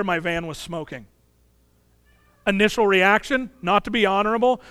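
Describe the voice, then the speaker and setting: A pastor in his thirties preaches with a high, light voice, earnest and pressing, then sinks quiet on the lines he wants to land. The sound is dry and close, with no room around it. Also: no echo. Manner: earnest preaching, dropping soft on key phrases. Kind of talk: sermon.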